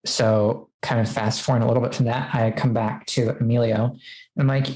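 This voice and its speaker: A woman's voice: rumbling low, steady tone, normal speed, warm tone, roomy sound, rough recording. Chatty woman telling her story. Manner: chatty, many "like" fillers, quotes herself. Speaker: podcast guest. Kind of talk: casual personal storytelling.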